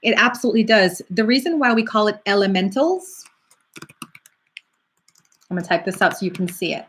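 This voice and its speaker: A middle-aged woman, a psychic medium, talking casually on a live stream and answering viewer questions in a chatty, animated way. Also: mid-range voice, a little fast, a little hiss or hum. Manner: chatty, animated, acts out quoted voices.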